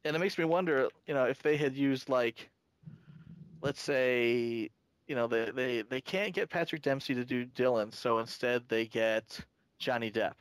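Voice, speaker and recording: A man co-hosting a casual fan discussion podcast, talking in halting bursts full of restarts and fillers. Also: medium pitch, clean tone, no echo. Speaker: podcast co-host.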